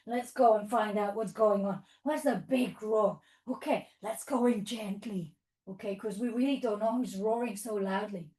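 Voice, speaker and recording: A woman teaching a children's yoga class, leading a playful toddler session in a sing-song, animated way with animal noises. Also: medium pitch, normal speed. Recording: echoey room.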